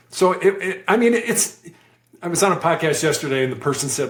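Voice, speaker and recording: A fast-talking man whose voice sits on the high side tells stories in an echoey room. He's a former hostage negotiator in an interview, conversational and animated, and he acts out the voices he quotes.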